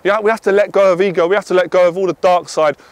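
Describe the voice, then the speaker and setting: A man coaching on dating, talking intensely, swearing and then calming himself down. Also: high voice, very fast, no echo. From half Irish. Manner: intense, swears, swings from loud to quiet. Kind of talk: passionate monologue to camera.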